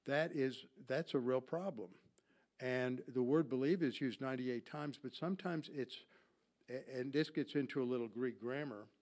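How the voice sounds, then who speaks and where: Working through slides in a classroom lecture, a Bible teacher explains Greek grammar, asking the audience questions and supplying the answers on his own. His voice is medium in pitch and somewhat dark, at a moderate pace.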